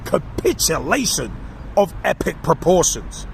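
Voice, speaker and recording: A man co-hosting a podcast, delivering a casual, animated and mocking football opinion monologue. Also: fairly high pitch, a little slow, creaky, background noise. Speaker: podcast co-host.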